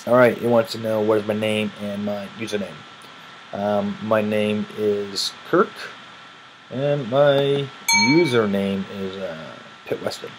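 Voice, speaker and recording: A man's voice: lowish voice, takes it slowly, background noise. A tired man from Illinois, raised in Missouri, with a Midwestern American accent, rambling casually as he answers questions and yawns between words.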